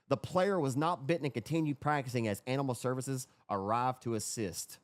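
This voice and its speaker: A young man co-hosting a racing podcast, telling stories in an excitable, swearing, casual chat. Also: medium pitch, a little fast, few pauses, no echo, clean studio sound. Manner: excitable storyteller, drawls and swears. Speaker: podcast co-host.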